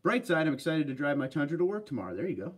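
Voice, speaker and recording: A man hosting a casual livestream, answering viewer comments in a relaxed, chatty way. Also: fairly high pitch, racing, breathy edge, recorded from a distance. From Pennsylvania. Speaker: livestream host reading chat. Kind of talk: casual live chat.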